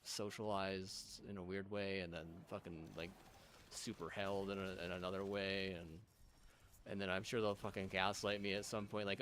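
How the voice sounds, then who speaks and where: A man's voice: deep voice, flat delivery, moderate pace, a bit bright, slight background noise. A man streaming, in a rambling rant full of swearing, restarts and filler words.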